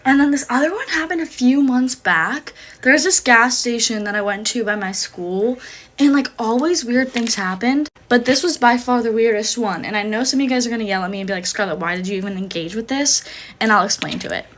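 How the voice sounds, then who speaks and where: A woman's voice: on the high side, brisk, a bit bright. A young woman telling a story in a casual vlog, chatty and full of "like". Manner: chatty, fills every phrase with "like".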